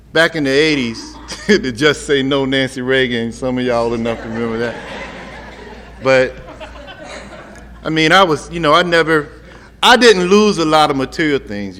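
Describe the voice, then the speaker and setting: A man's voice: mid-range voice, a bit bright. A middle-aged man telling his recovery story to an audience, conversational and humorous, talking straight to the crowd. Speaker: speaker sharing a recovery story. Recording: long hall reverb, faint ambient noise.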